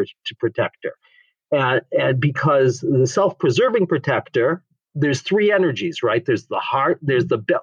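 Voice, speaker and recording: A man's voice: medium pitch, husky, no echo, lo-fi sound. A man who teaches the Enneagram in frank, emphatic conversation, swearing now and then.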